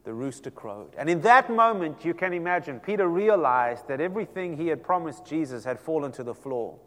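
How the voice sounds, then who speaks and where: A man, preaching a sermon as pastor and telling the story dramatically, shifting between loud and hushed passages. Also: a little high, lively intonation, brisk, long reverb tail.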